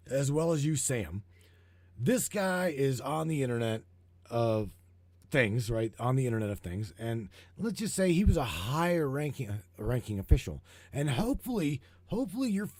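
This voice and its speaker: A man's voice: mid-range voice, darkish tone, dry recording. Stammering, heated man on a dry mic. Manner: stammering, rambling, getting heated and profane. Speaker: livestream host. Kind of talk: casual livestream talk.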